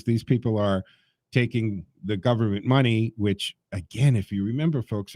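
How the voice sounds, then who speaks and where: Man, talk radio host; emphatic and sarcastic, warm low-bright timbre, close and dry. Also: dry recording. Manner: emphatic, sarcastic, speaks straight to listeners.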